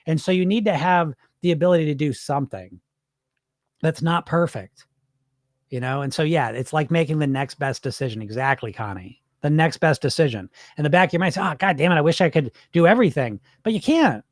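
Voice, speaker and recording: A middle-aged man hosting a casual podcast, reading listener comments and answering them in a blunt, animated way, now and then swearing and acting out the voices in people's heads. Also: fairly high pitch, fairly quick, dry recording, studio quality. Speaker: podcast host and weight-loss coach.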